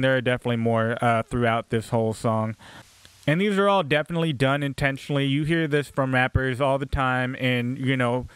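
A man's voice: mid-range voice, clear, resonant tone, no echo. A man giving a recorded lecture on rhyming, explaining casually with many fillers and restarts. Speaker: music instructor.

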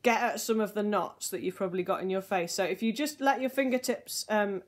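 Woman, voice teacher, soothing and unhurried, leading a warm-up lesson. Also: medium pitch. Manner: gentle, soothing, slow guiding instructions. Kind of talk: guided vocal warm-up lesson.

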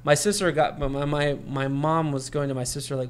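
A man's voice: on the high side, steady tone, normal speed, clean tone. A man co-hosting a podcast, telling a long personal story in casual chat and acting out the voices of the people he quotes. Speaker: podcast co-host.

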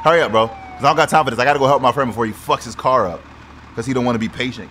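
A man giving loud, profane, excitable commentary over his car game, with quick shouted outbursts. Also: mid-range voice. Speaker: gaming YouTuber. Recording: noisy game audio behind the voice.

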